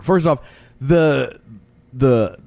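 Lively man in casual movie chat. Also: mid-range voice, vocal fry, dry recording. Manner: lively, halting restarts.

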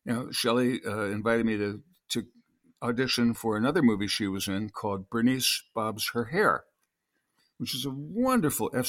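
A man's voice: fairly low pitch, fairly bright tone. Older man telling rambling acting anecdotes. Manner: storytelling, acts out quotes. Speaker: guest actor.

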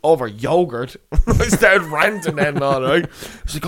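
A man's voice: on the high side, animated, moderate pace, a bit bright. A young man telling a long, rambling anecdote in casual chat, swearing and laughing as he goes. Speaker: storyteller.

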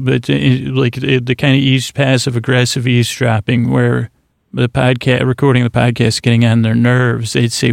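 A man hosting a bedtime podcast, rambling in a creaky, self-deprecating, meandering way with lots of fillers. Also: medium pitch, no room sound, studio quality. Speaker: podcast host.

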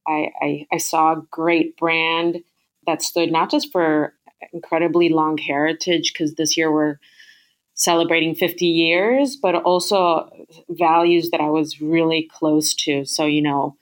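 A woman's voice: sits low, fairly even intonation, measured pace. A woman being interviewed as a chief marketing officer, talking in an upbeat, thoughtful way with frequent fillers and restarts. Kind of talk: business interview.

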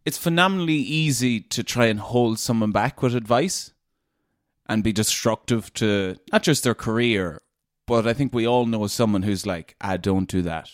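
A man's voice: mid-range voice, moderate pace, no room sound, studio quality. A man from Leitrim, a radio presenter speaking frankly and colloquially as an interview guest. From Ireland, Leitrim. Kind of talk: casual conversational interview.

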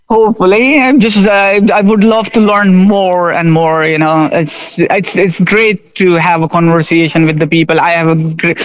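A man talks in a casual radio chat, his voice a bit high and notably smooth and clear. He gropes for words, fills gaps with "like" and "uh," and laughs readily. The sound is dull and lo-fi, as off a broadcast. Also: level tone, a little slow. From Pakistan. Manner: hesitant, searching for words with many fillers, laughs easily. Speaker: railway station shop worker interviewed as guest.

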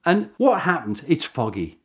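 A man's voice: a little high, very animated, normal speed, fairly bright tone, slightly rough. A man speaking as a historian in a documentary interview, telling the story with chuckles and restarts.

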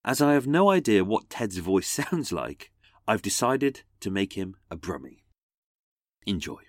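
A man's voice: lowish voice, big pitch swings, normal speed, dry recording, soft background music. A man narrating a scripted talk with sarcastic, theatrical asides. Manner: mocking, theatrical. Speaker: podcast host.

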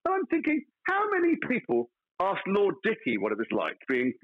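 A man's voice: high voice, wildly swooping pitch, normal speed, phone-quality sound. A man, an actor guest in a casual interview, telling stories playfully with mock outrage.

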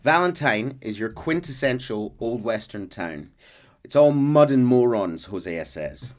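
A man's voice: mid-range voice, animated, measured pace. A man hosting a podcast, recapping a video game's story in a chatty, casual way with fillers. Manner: chatty with frequent fillers and laughs. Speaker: podcast host. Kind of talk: casual lore recap chat.

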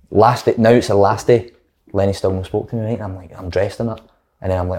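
A young man with a Scottish accent rattles through his stories at a quick clip, his voice dark and mellow. He swears freely and acts out what others said to him in a loose, casual chat. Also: lowish voice, steady tone. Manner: swearing, story-telling with quoted dialogue. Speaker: footballer guest.

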